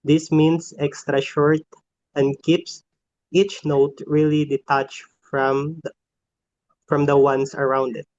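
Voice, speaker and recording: A man's voice: fairly high pitch, flat delivery, takes it slowly, a little mellow. A man carefully reading music definitions aloud in a lesson. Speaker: student reader. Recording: dry, dull lo-fi sound.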